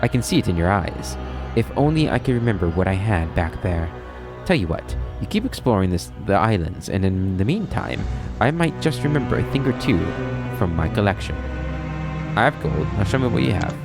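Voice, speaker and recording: A greedy demon lord bound in a toothy chest, haughty and wheedling, as a man reads him out in a game. The voice sits low, and music plays behind it. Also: big pitch swings, fairly quick, creaky.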